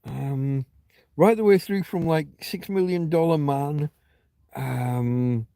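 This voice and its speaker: This middle-aged man speaks slowly in a slightly high, gravelly, warm voice, with no echo. He hosts a casual livestream from home on his phone, meandering and reminiscing, often trailing off and restarting his thoughts.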